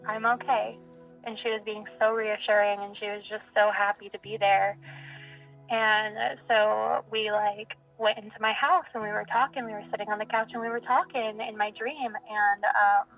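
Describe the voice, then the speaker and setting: A young woman recalling a friend in a halting, soft-spoken way, full of little fillers. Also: a little high, low-quality recording. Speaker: friend of a murder victim. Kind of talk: personal interview recollection.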